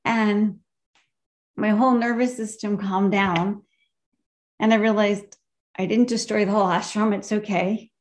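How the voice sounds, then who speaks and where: She is speaking at a memorial gathering over a video call, offering a heartfelt memory and pausing regularly to search for what to say. The voice is mid-range and steady.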